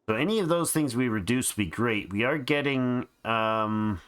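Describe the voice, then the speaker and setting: A man's voice: mid-range voice, expressive, normal speed, a bit bright, smooth. A tired man hosting a let's play, thinking aloud in casual game commentary with frequent restarts. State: tired and yawning.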